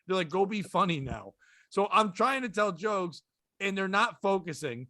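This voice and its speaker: A man, a comedian guest, telling a story with casual profanity and deadpan delivery on a podcast. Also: high voice, normal speed, no room sound, studio quality.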